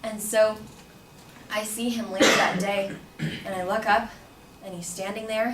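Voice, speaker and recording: A woman's voice: mid-range voice, fairly even intonation, normal speed, recorded from a distance. A woman recounts a personal story, her voice carrying through a roomy space. She speaks from a little way off the mic with faint noise behind her, shifting into livelier tones when she quotes people. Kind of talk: personal story told to an audience.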